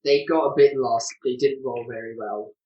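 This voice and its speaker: A man's voice: mid-range voice, steady tone, moderate pace, echoey room, recorded from a distance, dull audio. A man narrating a tabletop game as game master on a video call, hesitant, with many ums.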